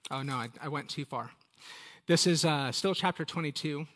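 A man's voice: a little high, moderate pace, a bit bright. A man teaching a casual Bible study, talking straight to his listeners in a chatty, conversational way.

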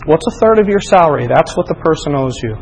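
Emphatic, fairly high-voiced male preacher. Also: lively intonation, fast talker, big-room sound, a little hiss or hum, rough recording. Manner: swings between loud emphatic reading and soft intimate appeals; asks the listeners many direct questions. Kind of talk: sermon.

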